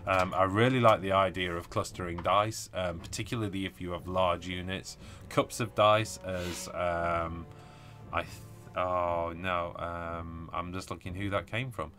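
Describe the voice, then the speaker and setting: A man's voice: deep voice, steady tone, unhurried, pushed and bright, soft background music. A man hosting a casual live stream, chatting, laughing often and reading viewer comments aloud. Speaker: host reading live chat.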